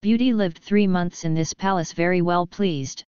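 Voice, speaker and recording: A woman reads a fairy tale aloud in an even, measured manner. Her voice is low and very clear, recorded dry and close with a dull, lo-fi sound. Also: no room sound. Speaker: audiobook narrator. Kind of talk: storybook narration.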